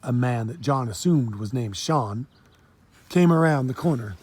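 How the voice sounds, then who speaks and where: A man reading a children's storybook aloud in a steady, plain storytelling manner. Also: medium pitch, a little slow, husky, no room sound. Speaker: audiobook narrator. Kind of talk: storybook narration.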